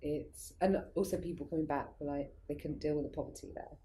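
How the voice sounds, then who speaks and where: A woman's voice: sits low, fairly quick, warm tone. A young adult woman, a guest on an interview, telling stories in a rambling, casual way full of fillers and restarts, often laughing. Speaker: guest, arts project founder. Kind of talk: casual conversational storytelling.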